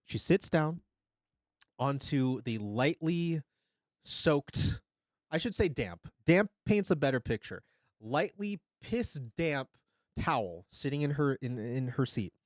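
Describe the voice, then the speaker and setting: A young man streaming tells a comic tale slowly and with great animation, his pitch swinging wildly for dramatic effect and his language full of swearing. The close mic gives a dry sound with no room ambience at all.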